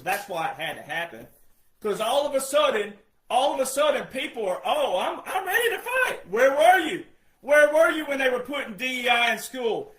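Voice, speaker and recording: High-voiced man ranting, shouting at times. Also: roomy sound. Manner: heated, scolding, repeated rhetorical questions, often shouting. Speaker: online commentator. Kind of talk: ranting monologue.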